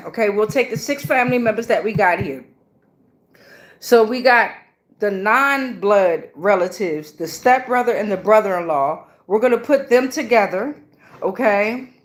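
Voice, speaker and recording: A woman's voice: medium pitch, lively intonation, a little slow. A woman doing a casual live tarot reading, blunt and chatty with a lot of profanity and slang. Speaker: tarot reader.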